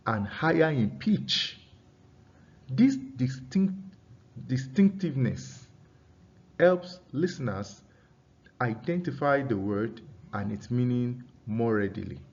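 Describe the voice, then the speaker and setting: A man teaching an English pronunciation lesson, dictating deliberately and repeating key phrases so students can take notes. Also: mid-range voice, darkish tone. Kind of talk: classroom-style dictated lesson. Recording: slightly dull lo-fi recording.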